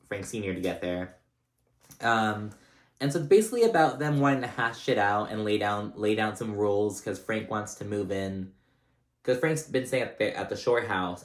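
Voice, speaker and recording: A man casually recapping a reality TV episode, chatty and rambling, full of fillers and restarts. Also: on the low side. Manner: animated when retelling funny scenes. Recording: roomy echoey room.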